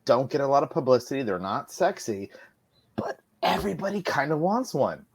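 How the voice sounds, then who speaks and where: A man's voice: medium pitch, sing-song, moderate pace. A man, a guest on a casual beer podcast, speaking emphatically.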